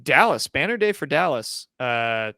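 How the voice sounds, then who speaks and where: A young man trading casual, joking banter as a podcast co-host. His voice sits at an ordinary middle pitch, and the sound is dry and close to the mic, with no room echo. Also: sing-song, a little slow, bright, forceful tone. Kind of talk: casual sports chat.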